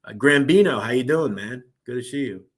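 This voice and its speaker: A man's voice: medium pitch, animated, fairly quick. A young man with a Philadelphia accent hosting a casual live-stream, loose and rambling, reading out viewer comments. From Philadelphia, USA. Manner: loose and rambling, full of fillers. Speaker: host.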